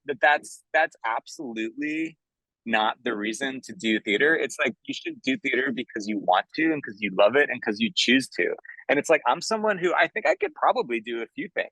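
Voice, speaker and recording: A man's voice: mid-range voice, pushed and bright, dry recording, low-quality recording. A man giving casual interview answers about his theater work, chatty and earnest, full of "like" and "you know". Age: adult, working in theater for years. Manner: enthusiastic, earnest. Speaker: musical theater composer, interview guest.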